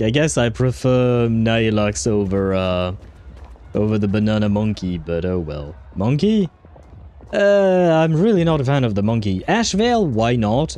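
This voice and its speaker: A man hosting a livestream, casually commenting on a game as he plays, chatty and quick to laugh, with occasional swearing. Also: medium pitch, mellow. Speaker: livestream host playing a game.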